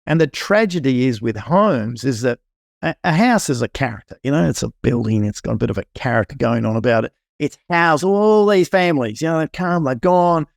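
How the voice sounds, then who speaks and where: A middle-aged man, a property inspector guest on a podcast interview, telling animated stories and acting out quotes. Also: mid-range voice, a little fast, vocal fry, dry recording, studio quality. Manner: animated storytelling, acts out quotes.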